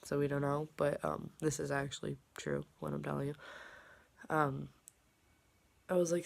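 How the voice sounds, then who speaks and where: Young woman vlogger, low gravelly voice, rambling chatty delivery. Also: little pitch movement, moderate pace, long pauses. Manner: rambling, filler-heavy, drops into soft whispers. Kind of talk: casual personal vlog.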